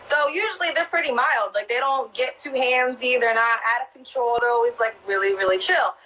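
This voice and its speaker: A woman's voice: fairly high pitch, a little fast, sharp tone, a little hiss or hum, poor audio. A young woman, a club dancer, telling stories in casual chat, swearing freely, laughing often and packing her talk with fillers. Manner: profane, laughing, lots of "like" fillers. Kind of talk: casual storytelling.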